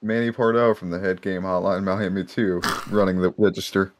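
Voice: sits low, normal speed. A co-host chatting and teasing casually during a video game stream. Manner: animated, teasing banter. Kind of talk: casual gaming stream chat.

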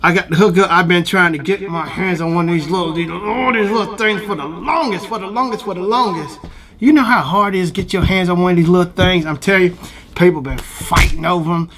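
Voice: medium pitch, fairly quick, a bit bright. A vlog host talking giddily, repeating phrases and breaking into bits of song. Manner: giddy, repetitive, breaks into song. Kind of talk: excited unboxing vlog.

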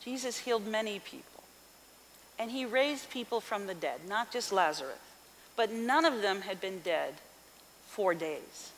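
A woman pastor delivers a sermon in an expressive, questioning way, her voice sitting in the middle range. The sound carries a long hall reverb with a faint hiss underneath. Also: medium pitch, a little slow. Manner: expressive reading with rhetorical questions to the congregation. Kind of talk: scripture reading and sermon. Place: church sanctuary.

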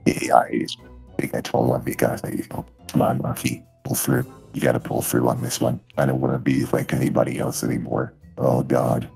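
Man doing a rumbling gravelly fork-faced thief. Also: level tone, brisk, a little mellow, faint music behind, full character voice. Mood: anxious. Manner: smooth campaign-speech delivery. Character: deep-voiced fork-faced thief posing as a politician. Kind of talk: VR role-play.

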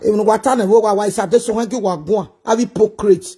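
Nigerian woman telling people off, really husky dark voice. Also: mid-range voice, quick pace. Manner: blunt, scolding, pidgin-heavy. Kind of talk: casual vlog rant.

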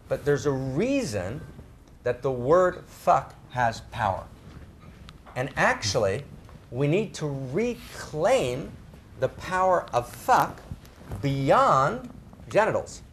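A middle-aged man speaking to a live audience, emphatic, often tagging his phrases with "right?" and slowing down to stress key words. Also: medium pitch, sing-song, a little hiss or hum. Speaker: speaker on spirituality and sexuality. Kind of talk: animated talk to a live audience.

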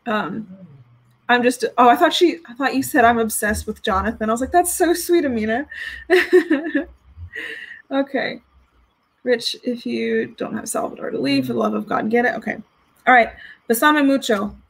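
A woman's voice: a little high, moderate pace, creaky, poor audio. Chatty woman reviewing perfumes. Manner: chatty, giggly, reads out viewer comments. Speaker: fragrance reviewer. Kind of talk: casual live-stream chat. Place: home with dogs.

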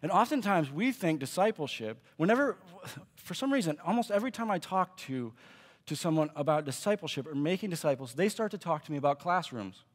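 A man's voice: on the high side, lively intonation, brisk, big-room sound. A man giving a sermon as pastor, preaching in a conversational way and acting out the quoted speech he tells. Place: church auditorium.

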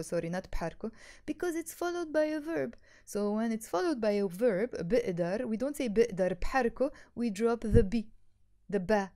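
A woman teaches a language lesson in a warm, mellow voice. She explains patiently and slows down to repeat words for her learners. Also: medium pitch. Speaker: Arabic teacher.

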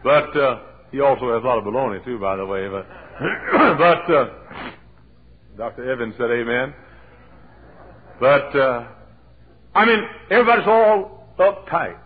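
Pastor guy preaching, folksy jokes, big loud swells, really lively up and down voice, kinda husky. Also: medium pitch, measured pace, pauses often. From Texas. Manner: folksy, emphatic preaching with sudden loud swells and joking asides. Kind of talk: sermon. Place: church sanctuary. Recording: thin, phone-like old sermon tape.

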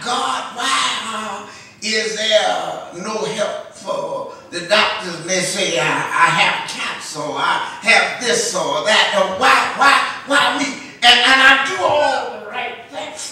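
A man's voice: high-pitched, bright, forceful tone. A man, a pastor, preaching a sermon and leading the congregation in call-and-response. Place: church sanctuary. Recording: echoey church from a distance.

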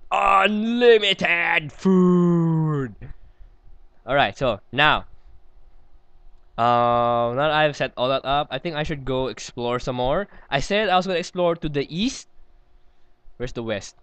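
A man giggling and rambling his way through casual gameplay commentary, chatting to himself as he plays. His voice sits at an ordinary middle pitch and sounds smooth and resonant. The recording is dry and close, with no room sound. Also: moderate pace, long pauses, fairly bright tone, no room sound. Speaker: let's play host.

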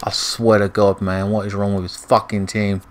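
Swearing, frustrated British gaming commentator. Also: male voice, lowish voice, level tone, moderate pace, slight background noise, poor audio. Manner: frustrated, swearing, muttering at the game. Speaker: gaming YouTuber. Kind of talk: gameplay commentary.

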